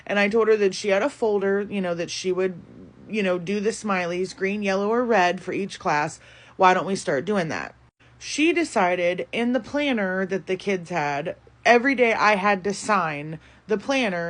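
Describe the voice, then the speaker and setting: Frustrated mother venting in casual talk. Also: mid-range voice. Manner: frustrated, talks fast with many fillers like "like" and "you know". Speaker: parent telling a story. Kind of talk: casual storytelling monologue.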